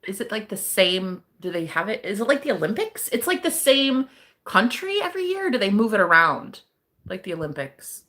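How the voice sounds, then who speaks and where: A young woman hosts a relaxed livestream and talks straight to her viewers. Her pitch jumps all over the place, and she keeps breaking into laughter. She swears now and then in a loose, chatty way. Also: a little fast. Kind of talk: casual livestream chat.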